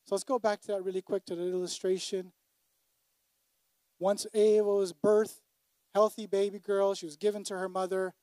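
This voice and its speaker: A man's voice: high voice, little pitch movement, normal speed, long pauses, mellow, dry recording. A man preaching a sermon to a congregation, emphatic, repeating his key phrases. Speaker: pastor.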